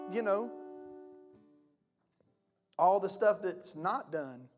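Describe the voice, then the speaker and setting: Male pastor, colloquial and impassioned sermon delivery, long church-hall reverb, faint guitar behind. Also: high-pitched.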